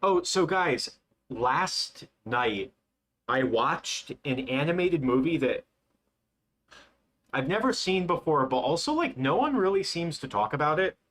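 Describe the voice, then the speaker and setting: Young male streamer, chatty and excitable, rambles with lots of fillers. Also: fairly high pitch, a little slow. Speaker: livestream host. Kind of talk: casual livestream chat.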